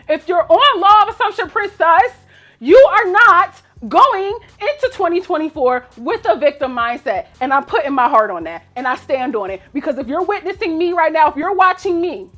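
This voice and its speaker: A woman coaching her viewers in a casual motivational monologue, profane and emphatic, swinging between loud exclamations and low mutters. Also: lively intonation, moderate pace, soft background music. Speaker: self-help coach.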